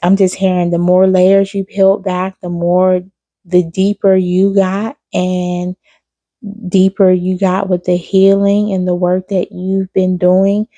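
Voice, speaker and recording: On her own channel, a woman gives her viewers an intuitive spiritual reading, speaking affectionately, calling the listener "baby," and repeating phrases. Her voice sits on the low side, warm and monotone, and she talks slowly. The recording has no room sound and its highs are cut off.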